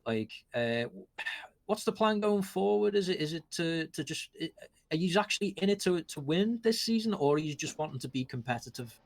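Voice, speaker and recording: A man's voice: fairly high pitch, animated, a little fast, creaky. A man hosting post-match interviews, asking rambling questions full of ums and restarts.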